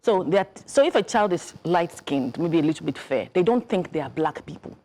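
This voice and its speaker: A woman's voice: lowish voice, lively intonation, fairly quick, dark tone. A middle-aged woman with a Nigerian accent, a guest author talking emphatically on a studio panel and repeating her points.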